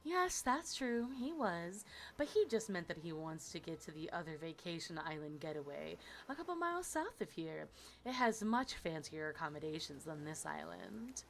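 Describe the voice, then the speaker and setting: A woman voicing a smooth, evasive male resort narrator in a game, dropping her voice lower and quieter, with dry asides. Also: sing-song, moderate pace, slight background noise. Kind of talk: reading game narration aloud.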